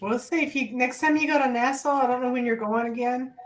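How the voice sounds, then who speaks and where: A woman co-hosting a casual chat, telling a relaxed, rambling story with fillers and restarts. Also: fairly high pitch, quick pace, low-quality recording. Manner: relaxed, rambling, loses her thread with fillers. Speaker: podcast co-host.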